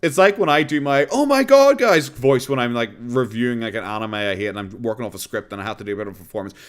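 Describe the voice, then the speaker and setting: A man's voice: on the low side, fairly even intonation, very fast, smooth. An Irish man hosting a casual commentary stream, sarcastic and profane, breaking into laughter often.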